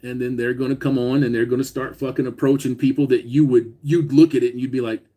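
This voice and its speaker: A man's voice: mid-range voice, fairly even intonation, fast, warm tone. A man hosting a casual livestream, talking bluntly with lots of swearing and reading out viewer comments as he goes. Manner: profane, blunt, reads viewer comments aloud. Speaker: livestream host.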